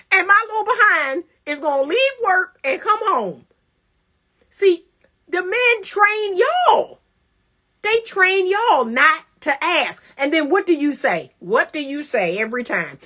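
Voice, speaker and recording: A woman relationship coach giving emphatic, animated advice to women, acting out little scenes with playful laughs. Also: sits high, unhurried. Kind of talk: casual advice talk to women.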